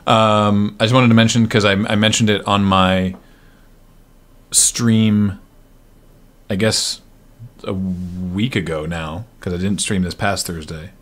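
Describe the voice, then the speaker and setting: Guy with a lowish voice rambling on a stream aftershow, lots of ums. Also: steady tone, a bit bright. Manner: rambling, halting with fillers. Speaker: stream host. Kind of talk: casual chat.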